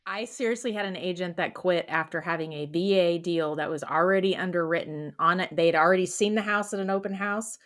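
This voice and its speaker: A woman podcast co-host and real estate agent chatting casually, blunt and quick to laugh. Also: lowish voice, fairly bright tone. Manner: laughs easily, blunt reactions. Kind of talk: casual chat.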